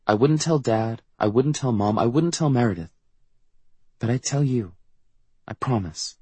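A man reading an audiobook, voicing a teenage girl who pleads softly with her brother. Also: mid-range voice, expressive, a little slow, slightly rough, dry recording, voice pushed up. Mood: earnest. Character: teenage girl Mel, worried sister.

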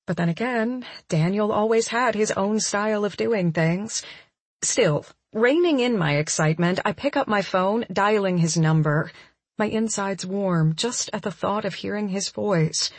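A young woman narrating a first-person romance audiobook in an expressive, intimate inner-monologue style. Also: mid-range voice, normal speed, slightly rough, no echo.

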